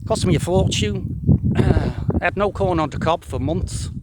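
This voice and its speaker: A man's voice: high voice, normal speed, heavy background noise. A man rambling through a dry, jokey monologue to the camera outdoors in a wheat field, swearing freely. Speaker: vlogger.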